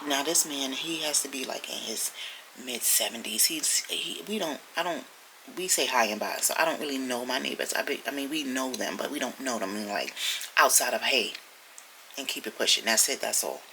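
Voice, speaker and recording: A woman vlogging from home, telling a story in a chatty, animated way that sometimes drops to a whisper. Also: very deep voice, a little fast, slight background noise, poor audio. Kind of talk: casual storytelling chat. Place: at home indoors.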